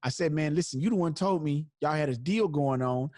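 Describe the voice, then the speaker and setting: A man's voice: fairly high pitch, brisk, no room sound, studio quality. A man hosting a podcast, telling a comedic story and acting out the voices of the people in it. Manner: animated, acts out voices in his story. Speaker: podcast host.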